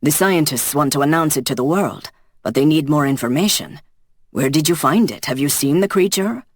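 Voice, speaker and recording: Narrator doing an excitable male assistant. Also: mid-range voice, no room sound, clean studio sound, lightly acted. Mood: excited. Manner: excited, quick.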